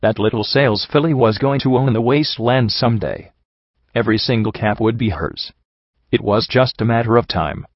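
A man reading a first-person story aloud in a wry, measured narrating manner. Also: medium pitch, no room sound. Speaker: audiobook narrator. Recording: dry, slightly dull lo-fi recording.

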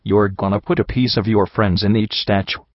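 A man reading a storybook voices an excitable young colt sidekick who fires off eager questions. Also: fairly low pitch, normal speed, no room sound, lightly acted. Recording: dull lo-fi recording.

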